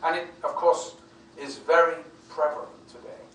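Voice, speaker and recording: Animated storytelling man in an echoey hall. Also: a little high, moderate pace. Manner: animated, acts out other people's voices in quotes. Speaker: film actor interviewed as guest. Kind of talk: anecdotal storytelling. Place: convention venue. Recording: echoey room, distant mic, faint noise.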